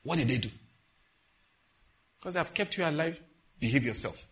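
Nigerian pastor guy preaching, tells stories, acts out voices, gets loud all of a sudden, bit high-pitched. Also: normal speed, pauses often. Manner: animated storytelling, acts out dialogue with sudden loud outbursts. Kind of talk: sermon.

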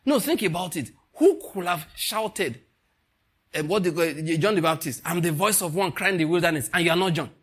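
A man with a Nigerian accent preaching a sermon, animated and laughing, swinging from quiet asides to loud exclamations. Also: high voice, fairly quick, husky.

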